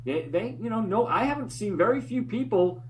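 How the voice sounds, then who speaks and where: A man's voice: sits high, expressive, normal speed, a little mellow, slight background noise, low-quality recording. A man appearing as a guest in casual chat, talking hesitantly, with many fillers and restarts.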